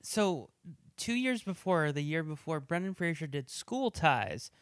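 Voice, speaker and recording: A man's voice: on the high side, very animated, measured pace, clean tone, no echo, clean studio sound. A man co-hosting a casual movie review, chatty and digressive, full of trivia. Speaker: podcast co-host.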